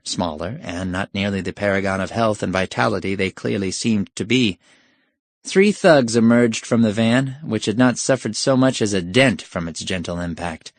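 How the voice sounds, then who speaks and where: A man's voice: on the low side, no echo. Wry male audiobook narrator. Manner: wry, sardonic storytelling. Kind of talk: scripted narration.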